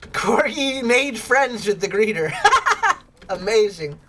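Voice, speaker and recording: A woman's voice: medium pitch, lively intonation, takes it slowly, fairly bright tone, faint music behind. A woman streaming a game, chatting casually and bubbly with her viewers and laughing often. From United States. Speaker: livestreamer. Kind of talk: casual chat with viewers while gaming.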